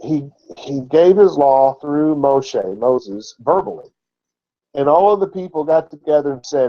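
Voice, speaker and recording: A man's voice: on the high side, expressive, unhurried, dull audio. A man giving an informal, conversational sermon as a Bible teacher, often asking rhetorical questions.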